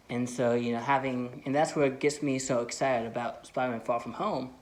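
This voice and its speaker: A man talking through film theories in a loose, unscripted vlog. He rambles, circling back with "like" and "you know" as he thinks aloud. He sounds like an eager fan at an ordinary middle pitch. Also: fairly even intonation, normal speed, hardly any pauses, a little hiss or hum. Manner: enthusiastic fan. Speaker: film vlogger. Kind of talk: casual movie commentary.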